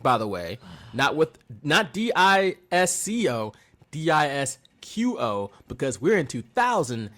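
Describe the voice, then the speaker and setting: Lively, animated male podcast co-host. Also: on the high side, a little slow. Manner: animated storytelling, mocking quotes, frequent laughs. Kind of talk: casual wrestling recap chat.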